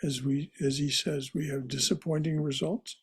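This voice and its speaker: A man leading a religious study class, gentle and often repeating words as he explains. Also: fairly high pitch, fairly even intonation, moderate pace, breathy edge. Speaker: class teacher.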